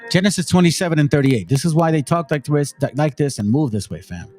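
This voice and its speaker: A man's voice: a little high, big pitch swings, fast talker, darkish tone, faint music behind. A man hosting a channel, giving blunt, preachy commentary on video clips, swearing freely and reading scripture aloud in a stately cadence.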